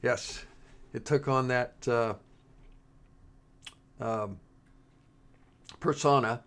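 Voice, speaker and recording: Slow, gravelly man explaining code. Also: medium pitch. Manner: halting, many fillers and restarts, relaxed. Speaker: software tutorial presenter. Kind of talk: screen-recorded coding tutorial.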